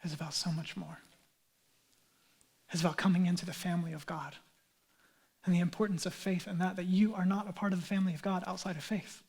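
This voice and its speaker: A man's voice: high voice, fairly even intonation, brisk, long pauses, a little mellow, breathy edge. A man in his thirties, a pastor preaching a sermon in an earnest, conversational way with casual asides.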